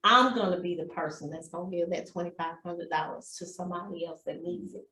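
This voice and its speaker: A woman's voice: fairly low pitch, steady tone, fairly quick, pushed and bright. A woman teaching a real estate class, telling heartfelt stories about giving back. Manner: heartfelt, storytelling, speaks of blessing and giving. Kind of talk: motivational class talk. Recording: echoey room.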